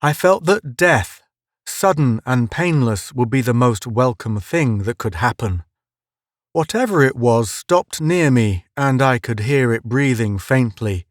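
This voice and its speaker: A man narrating a first-person story for an audiobook in a measured, dramatic manner. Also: mid-range voice, animated, no echo, studio quality.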